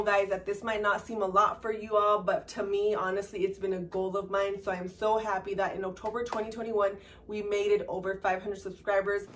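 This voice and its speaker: A woman vlogger talks casually and warmly to her viewers, thanking them and calling them guys in a chatty, heartfelt way. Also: medium pitch. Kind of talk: casual talk to camera. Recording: distant mic with faint background noise.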